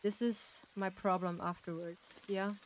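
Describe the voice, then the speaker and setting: A woman's voice: mid-range voice, flat delivery, unhurried, slight background noise. A woman streamer chatting casually while playing a game, giggling often and thanking her viewers.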